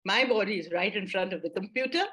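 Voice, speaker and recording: A woman's voice: medium pitch, fast talker, fairly bright tone. A woman leading an online mindfulness workshop for teachers, upbeat and encouraging, with lots of praise for her audience.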